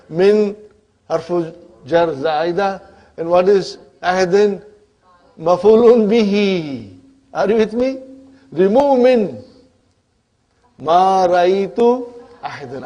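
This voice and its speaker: A man with a slightly high-pitched voice teaches Arabic grammar to a classroom of students. He mixes English with Arabic grammar terms and draws some of them out slowly. Every few phrases he stops to check in with the class, asking "huh?" and "are you with me?". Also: darkish tone.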